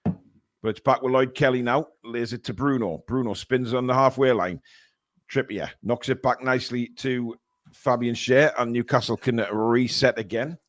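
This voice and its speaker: A man hosting live fan commentary of a football match, calling the play-by-play and bursting into shouts at big chances. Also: mid-range voice, steady tone, normal speed.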